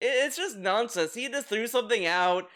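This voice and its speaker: A man's voice: very high voice, moderate pace, bright, forceful tone. A man hosting a commentary video, talking casually and profanely, often repeating words and restarting his sentences.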